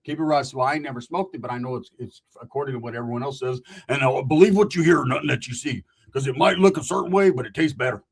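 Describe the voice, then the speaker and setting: A man's voice: mid-range voice, quick pace, creaky, hardly any pauses, breathy edge. A man telling a rambling, profane street story in casual slang, full of asides.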